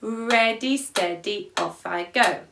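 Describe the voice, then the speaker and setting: A woman's voice: medium pitch, takes it slowly, vocal fry. A woman teaching an online music lesson for young children from her home, encouraging and counting beats aloud. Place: at home, room with instrument. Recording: echoey room, mic at a distance, noisy.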